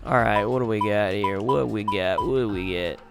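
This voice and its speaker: A man's voice: lowish voice, moderate pace, creaky. A man giving casual, musing commentary as he plays a game, now and then swearing, over game music. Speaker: let's play host.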